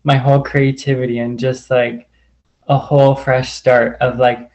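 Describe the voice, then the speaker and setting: A man's voice: medium pitch, little pitch movement, a little slow, darkish tone, poor audio. A man sharing personal stories in a casual, earnest way, rambling and leaning on the filler "like" over and over. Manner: rambling, heavy use of "like" fillers; earnest and open.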